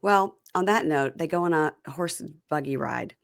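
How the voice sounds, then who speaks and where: A woman's voice: deep voice, moderate pace, vocal fry, no room sound. A woman hosting a podcast, chatting casually and acting out reality TV scenes as she retells them. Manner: animated recapper who acts out the scenes. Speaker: podcast host recapping reality TV. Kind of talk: casual chat.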